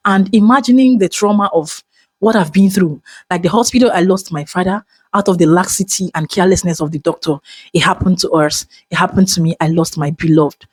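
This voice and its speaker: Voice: medium pitch, no echo. Dramatic, heartfelt Nigerian-accented vlogger. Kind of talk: emotional personal monologue.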